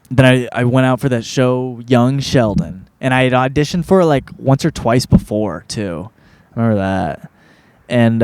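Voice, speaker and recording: A man's voice: medium pitch, darkish tone, no echo. A man in his thirties hosting a podcast, telling his own story in a rambling, laid-back way with plenty of swearing and filler words. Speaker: podcast host. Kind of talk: casual personal storytelling.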